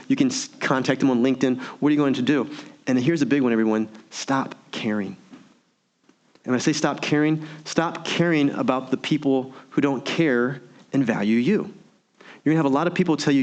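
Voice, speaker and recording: Pumped-up guy doing a motivational speech, asks the crowd lots of questions, mid-pitch voice. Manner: energetic, preacher-like, rhetorical questions. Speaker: motivational speaker. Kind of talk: motivational keynote talk. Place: virtual meeting event.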